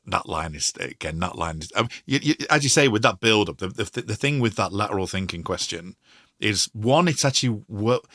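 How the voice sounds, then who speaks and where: A man's voice: lowish voice, lively intonation, brisk, a bit bright, no echo, clean studio sound. A man on a podcast panel, chatting enthusiastically in a rambling way and acting out quoted lines. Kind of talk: casual chat. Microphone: home podcast mic.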